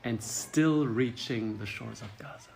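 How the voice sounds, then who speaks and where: Slow, fiery man ranting. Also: mid-range voice, gravelly, darkish tone, soft background music. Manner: fiery, emphatic. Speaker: co-host. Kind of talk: impassioned political commentary.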